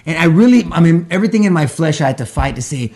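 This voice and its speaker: A man co-hosting a faith discussion podcast, telling stories in an animated way with frequent restarts. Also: a little high, quick pace. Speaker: podcast co-host.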